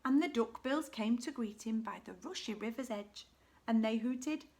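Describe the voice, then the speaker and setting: A teacher reading a children's picture book aloud with expressive delivery. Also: female voice, on the high side, moderate pace. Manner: expressive, shifting voices and volume. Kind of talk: storybook read-aloud for children.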